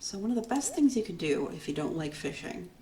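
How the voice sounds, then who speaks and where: Low-voiced and warm, a woman briskly comments on her let's play with big swings in pitch. Game music plays and a bit of background noise comes through as she chats and explains what she's doing.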